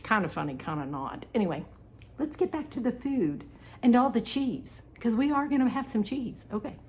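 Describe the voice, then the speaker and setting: A slightly high, expressive, somewhat mellow female voice comes through at normal speed over slight background noise. She's a vlogger and wellness coach making food at home, chatting lightheartedly, laughing easily, and saying "y'all."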